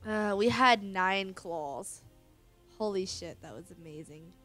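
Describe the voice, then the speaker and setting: A woman's voice: medium pitch, takes it slowly, soft background music. A woman casually commenting on her own video game play, counting aloud and cursing freely. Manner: counting aloud, swears, bursts of excitement. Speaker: gaming channel host.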